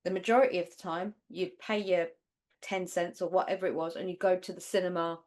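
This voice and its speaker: A woman's voice: lowish voice, fairly even intonation, a little fast, a little mellow. Woman co-host, northern English, loose rambling chat about old films. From Northern England. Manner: rambling, conversational, many fillers. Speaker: podcast co-host. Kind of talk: casual chat.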